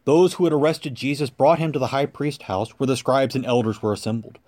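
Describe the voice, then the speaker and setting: A man giving a liturgical scripture reading and then reciting prayers in a solemn, measured manner. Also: mid-range voice, a little mellow. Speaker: scripture reader.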